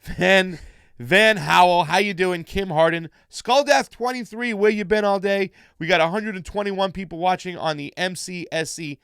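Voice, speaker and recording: Host, male, casual and chatty, reads shout-outs; slightly high, smooth, dry studio sound. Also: normal speed, no room sound. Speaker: political show host. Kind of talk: casual live-stream chat.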